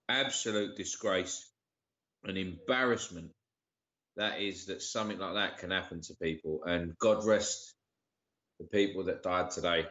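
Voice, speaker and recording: A sweary man chats on a casual live stream and shouts out viewers by name. His voice sits fairly low. The audio is dull and lo-fi. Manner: sweary, greets viewers by name, uses slang like geezer and bruv. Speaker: livestream co-host.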